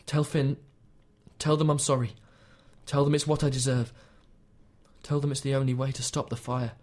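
A man's voice: medium pitch, flat delivery, moderate pace, a little mellow, natural voice. A man voicing a weary, resigned young man. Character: weary desperate young man at the end of his rope.

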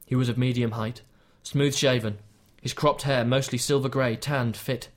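Male audiobook narrator, mid-pitched, measured, even delivery for tense fiction. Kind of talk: scripted narration.

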